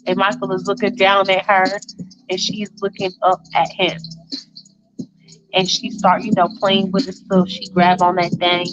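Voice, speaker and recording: A woman's voice: on the low side, dull audio. A woman hosting a casual fan-fiction storytelling show, chatty and repetitive, often talking straight to her listeners.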